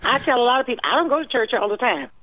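An older woman chatting as an interview guest, telling lively stories and repeating her phrases. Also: on the high side, racing, no echo, rough recording. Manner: lively storytelling, warm laughs, repeats phrases. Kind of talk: casual interview chat.

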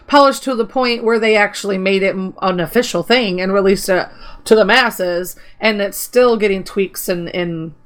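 A woman's voice: mid-range voice, moderate pace. A woman co-hosting a casual gaming podcast, chatty, reading out mod notes and asking guests questions. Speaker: podcast co-host.

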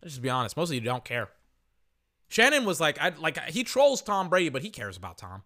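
Casting: hoarse male podcast host, sports rant, high and bright voice, emphatic and repetitive. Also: huge pitch swings, brisk. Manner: passionate and emphatic, heavy repetition. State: hoarse, losing his voice.

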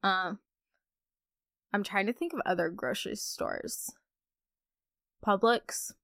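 A woman's voice: medium pitch, slow, a bit bright, dry recording, studio quality. A young woman from the United States hosting a podcast in casual chat, bubbly and chatty with lots of filler. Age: young adult. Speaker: podcast host.

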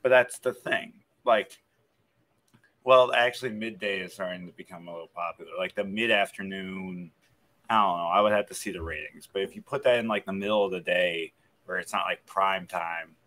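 Bright-voiced opinionated man chatting sports. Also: deep voice, moderate pace. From Kentucky. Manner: opinionated, emphatic, many "like" fillers. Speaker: podcast co-host. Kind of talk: casual sports chat.

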